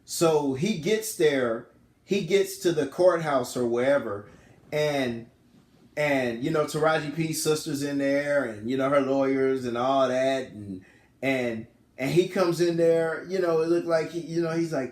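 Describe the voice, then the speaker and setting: A man casually recapping a film plot in animated storytelling style, full of slang. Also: fairly high pitch, measured pace. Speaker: film reviewer. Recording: roomy echo.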